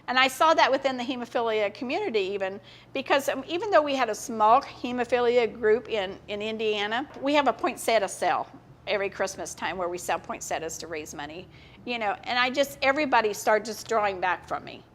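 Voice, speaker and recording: A woman's voice: a little high, expressive, a little fast, a bit bright, a little hiss or hum. An older American woman interviewed at a live event, telling a personal story earnestly, with frequent halts and restarts. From United States. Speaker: guest speaker. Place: event stage in front of an audience.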